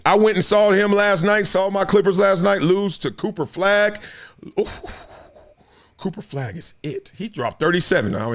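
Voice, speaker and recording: A man in his fifties hosting a casual sports talk show, slangy and laughing often, acting out stories as he tells them. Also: high voice. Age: 50s. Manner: animated storyteller, acts out quotes.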